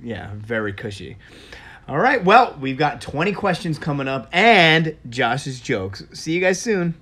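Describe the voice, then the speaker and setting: A man's voice: medium pitch, expressive, a little slow, bright, forceful tone. A man in his thirties hosting a casual camp radio show, enthusiastic, repeating words and laughing often.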